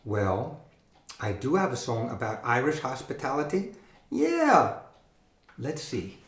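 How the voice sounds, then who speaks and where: A man hosting a children's music show, explaining things to kids in a gentle, enthusiastic way. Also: medium pitch, expressive, moderate pace, roomy sound.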